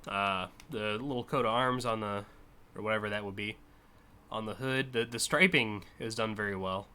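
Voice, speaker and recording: A man's voice: lowish voice, moderate pace, pushed and bright, clean tone. A man streaming live, casually and enthusiastically judging car designs, with frequent fillers and swearing.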